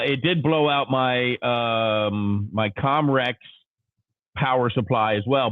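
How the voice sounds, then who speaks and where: A man hosting a casual morning show, telling a story with animated energy and acting out his own frustration. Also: medium pitch, dry recording, phone-quality sound. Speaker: show host.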